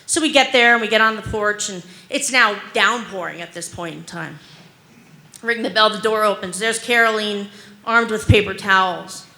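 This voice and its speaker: Bright-voiced woman comic rambling through a story. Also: mid-range voice, moderate pace, creaky. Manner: rambling, animated, heavy use of fillers like "like" and "um"; self-deprecating, anxious humor. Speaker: stand-up comedian. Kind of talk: stand-up storytelling.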